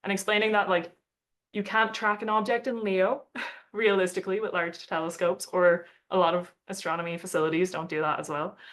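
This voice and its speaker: Young woman, chatty storyteller, acts out quotes, laughs often, mid-pitched voice. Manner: chatty, quotes others in lively put-on voices, frequent likes and laughs. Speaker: astronomer giving a talk. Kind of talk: casual storytelling talk.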